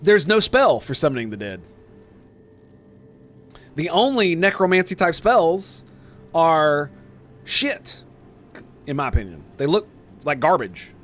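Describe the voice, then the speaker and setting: Excitable, foul-mouthed gamer man. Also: fairly high pitch, unhurried, long pauses. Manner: excited, profane and rambling. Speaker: gaming streamer. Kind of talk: casual gameplay commentary.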